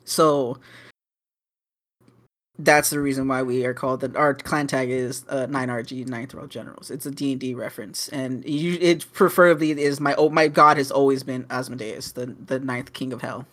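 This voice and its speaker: A man's voice: medium pitch, steady tone, moderate pace, a bit bright. A young man co-hosting a casual podcast, rambling with lots of fillers, restarts and swearing. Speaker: podcast co-host. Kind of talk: casual chat.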